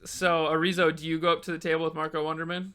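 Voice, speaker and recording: Bright-voiced casual game master man. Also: on the high side, little pitch movement, quick pace, clean tone. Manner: casual, swearing, laughing often. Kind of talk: narrating a tabletop game.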